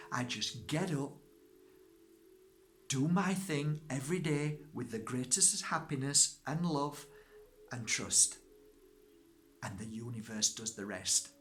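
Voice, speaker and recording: A man speaks as a spiritual teacher in a slow, deliberate self-help talk, repeating his points with emphasis. His voice is bright and forward, and there is faint noise behind him. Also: mid-range voice, expressive. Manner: emphatic, repetitive, rising to fervent.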